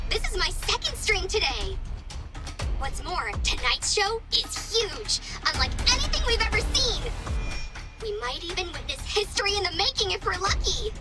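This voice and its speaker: A woman's voice: extremely high pitch, full character voice. Hyper peppy VTuber girl. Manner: peppy, exaggerated streamer hype. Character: hyper upbeat young female VTuber streamer. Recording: game audio with music behind.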